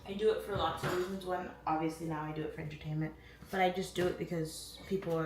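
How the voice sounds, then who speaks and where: A chatty woman in her thirties rambles through a casual morning livestream, thanking viewers in the chat. Her voice sits on the lower side. She is picked up from a distance in an echoey room with a faint hum behind her. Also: quick pace. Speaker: livestream host. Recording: roomy, distant mic, faint room noise.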